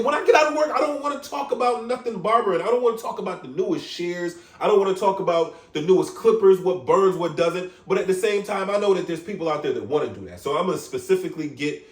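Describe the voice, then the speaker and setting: A young New York man who talks in an animated, swearing rush, forever checking "you get what I'm saying". His voice sits a little high for a man. It is recorded on a phone set back in a small echoey room. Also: distant mic. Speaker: barber vlogger. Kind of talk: casual vlog rant.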